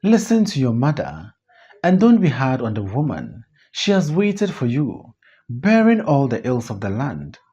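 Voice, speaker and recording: A reader voicing a wise mother who pleads gently and earnestly with her grown son, on a dull lo-fi recording. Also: medium pitch, huge pitch swings, unhurried, slightly rough, exaggerated voice. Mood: pleading.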